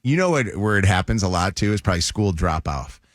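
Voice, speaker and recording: A man hosting a radio show, chatting casually and telling animated family stories. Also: low-pitched, a little fast, dry recording, clean studio sound. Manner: animated storyteller, acts out quotes.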